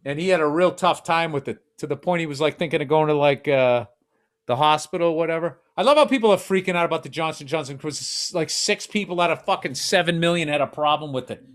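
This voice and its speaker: A man's voice: fairly high pitch, fast. A man co-hosting a comedy podcast, ranting emphatically and swearing constantly in casual chat. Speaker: podcast co-host.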